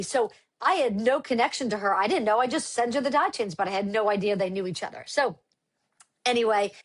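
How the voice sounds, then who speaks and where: A middle-aged woman, a brand founder, telling lively stories as a guest on a casual podcast and acting out quotes. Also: medium pitch. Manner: animated storyteller acting out quotes.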